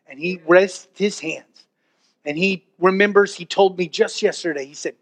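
High-voiced pastor preaching. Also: male voice, moderate pace. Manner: storytelling, animated and emphatic. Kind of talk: sermon.

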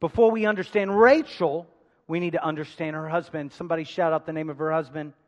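A man preaching a sermon, calling out to the congregation for responses and swinging between loud emphasis and hushed asides. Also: on the high side, steady tone, fast. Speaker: pastor. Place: large church hall. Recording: long hall reverb.

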